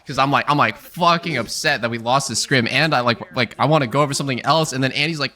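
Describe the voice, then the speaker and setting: A young man chatting on a livestream, his voice bright and forward. He tells stories loosely, padding them with "like" and quick acted-out quotes of other people. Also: medium pitch. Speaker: streamer. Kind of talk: casual storytelling on stream.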